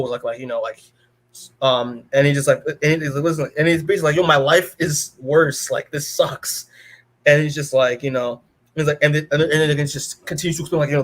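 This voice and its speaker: Podcast co-host, male, casual comic recap, rambling delivery, mid-pitched voice. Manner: rambling recap full of "like" and restarts, quoting characters in his own voice. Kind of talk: casual comic-book review chat.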